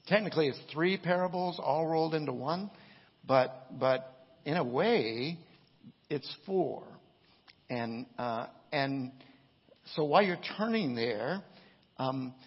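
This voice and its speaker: A man's voice: fairly high pitch, lively intonation, slow pace, long pauses, slightly rough. A male pastor preaching a sermon, telling a story in a loose, conversational way with many "right?" asides. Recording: echoey hall, dull lo-fi sound.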